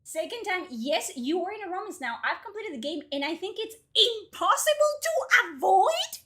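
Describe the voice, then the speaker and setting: Animated high-voiced woman streamer. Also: a little fast. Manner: exasperated, swears a lot, switches into Spanish. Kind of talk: casual gaming livestream commentary.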